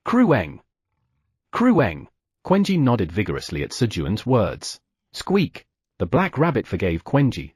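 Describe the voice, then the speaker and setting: Husky guy narrating an audiobook, super animated, dry close sound. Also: on the low side, no echo. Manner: lively storytelling with sound effects.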